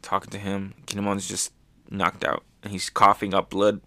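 Casual: low-voiced guy hyped recapping comics, goes soft a lot, dry mic. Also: normal speed, dry recording. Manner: excited, often dropping soft. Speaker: podcast host.

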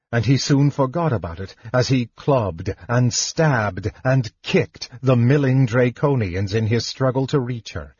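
A man reading a fantasy audiobook in a measured, dramatic narration. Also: mid-range voice, darkish tone, husky, no echo, dull audio.

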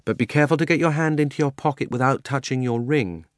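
An earnest, practical young boy from a storybook reading, as voiced by a male reader. He talks plainly in a low, level voice, with a dry, close sound. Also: fast, no room sound, natural voice. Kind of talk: audiobook character voice.

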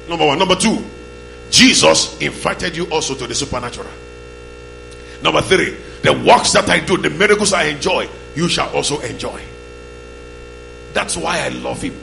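Gravelly pastor preaching over music. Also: male voice, on the high side, lively intonation, normal speed, long pauses, low-quality recording. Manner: call-and-response, shouting bursts. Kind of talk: sermon. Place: church hall. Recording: loud music and mains hum behind.

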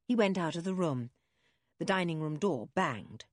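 A woman's voice: lowish voice, lively intonation, normal speed, no room sound, studio quality. A woman narrating a children's storybook, reading expressively.

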